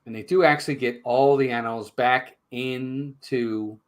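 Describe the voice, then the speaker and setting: A man co-hosting a casual live-stream movie review, retelling scenes in an animated way. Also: mid-range voice, normal speed.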